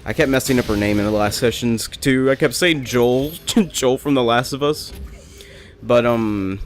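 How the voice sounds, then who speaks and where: A man's voice: mid-range voice, a little slow, soft background music. A young man rambling and joking through casual gameplay commentary, often correcting himself mid-sentence. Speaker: let's play gamer.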